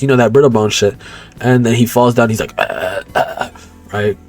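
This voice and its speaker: A man's voice: mid-range voice, moderate pace. A young man with an ordinary mid-range voice tells a film's plot in a loose, rambling way. He talks in slang and swears freely, backtracking to fix his own mistakes. Faint music plays underneath. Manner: rambling, slangy and profane, correcting himself as he goes. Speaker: movie commentator. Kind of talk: casual movie recap.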